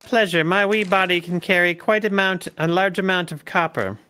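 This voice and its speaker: A man putting on the voice of a small, prim male companion, deadpan and mock-formal. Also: high voice, moderate pace.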